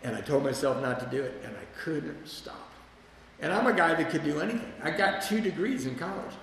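A man with a fairly high, slightly bright voice tells a candid, self-mocking story about his past drinking, full of wry humor. He's sharing a recovery story in an echoey hall with long reverb.

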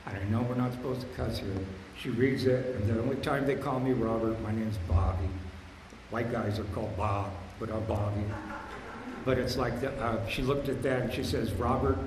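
A man in his sixties telling his recovery story at a meeting, rambling and repeating himself in blunt, streetwise talk, getting louder and higher on his punchlines. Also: steady tone, moderate pace. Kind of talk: personal recovery share. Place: meeting hall. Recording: echoey hall with room hum.

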